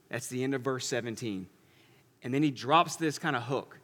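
A male pastor preaching a sermon in a church, telling the story in an animated way and swinging between loud and hushed delivery. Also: mid-range voice, normal speed. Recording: long hall reverb.

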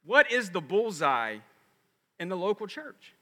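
Bright-voiced man preaching in an echoey church. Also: high-pitched, measured pace. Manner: animated, emphatic preaching with rhetorical questions. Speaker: pastor. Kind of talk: sermon. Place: large church with a balcony. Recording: echoey sanctuary reverb.

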